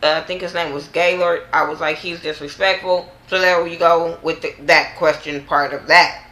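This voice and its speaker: A woman's voice: deep voice, little pitch movement, normal speed, pushed and bright. Blunt, profane woman in an echoey room. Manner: blunt, profane, exasperated ranting. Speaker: reality TV recap vlogger. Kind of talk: casual opinionated recap.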